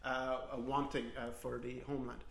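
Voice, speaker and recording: A man's voice: mid-range voice, flat delivery, a little fast, vocal fry, a crowd in the background. A man co-hosting a podcast, chatting casually and comedically, often bursting into mock voices. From Ireland. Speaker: podcast co-host.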